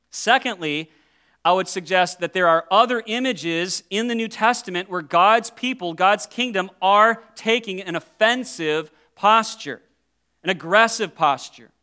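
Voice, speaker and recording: Bright, emphatic pastor preaching. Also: male voice, high-pitched, clear, resonant tone. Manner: emphatic, persuasive teaching with slowed stressed phrases. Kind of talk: sermon.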